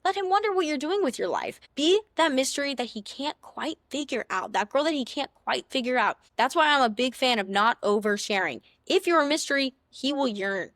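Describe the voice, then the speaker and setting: A woman's voice: high-pitched, expressive, fairly quick, hardly any pauses, a bit bright, no room sound, studio quality. Chatty young woman giving dating advice. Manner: chatty, sassy, playful big-sister tone, acts out little scenes in other voices. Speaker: podcast host. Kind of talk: casual advice talk.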